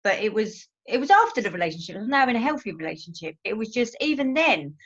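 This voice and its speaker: A woman's voice: on the high side, sing-song, fast, fairly bright tone. Earnest woman podcast co-host, dull sound. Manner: earnest, open, many fillers. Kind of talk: casual chat.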